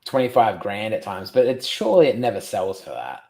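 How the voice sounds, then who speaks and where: A man with an Australian accent, a podcast guest in casual chat, chatty and quick to joke. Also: lowish voice, sing-song, creaky, a little mellow.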